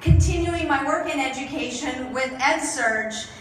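A woman's voice: high voice, measured pace. A woman giving an earnest welcome speech to teachers at a conference, heard from the audience. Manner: earnest, grateful. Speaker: conference speaker. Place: large hall. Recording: echoey, distant, noisy hall.

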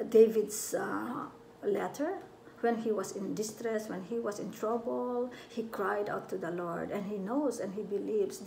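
A woman with a Filipino accent, reading scripture and preaching in a slow, earnest devotional manner with soft whispered asides. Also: mid-range voice. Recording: echoey room with faint background noise.

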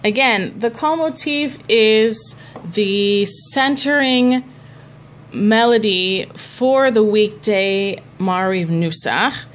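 Woman cantor teaching slow and patient, a bit of soft background hiss. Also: medium pitch. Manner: patient, explanatory, breaks into chanted examples. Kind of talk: teaching a prayer chanting class.

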